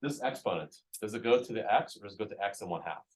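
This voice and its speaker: A man's voice: fairly low pitch, expressive, fast talker, no room sound. A man teaching a math class, explaining each step casually with lots of ums and checks of "right?". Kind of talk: classroom lecture.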